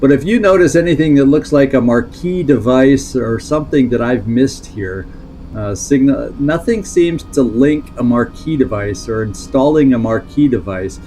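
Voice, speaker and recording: Male streamer, even mid-range voice, casual gameplay commentary with light noise behind. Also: mid-range voice, normal speed. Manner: thinking aloud, reading in-game text, answering chat. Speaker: streamer playing a strategy game.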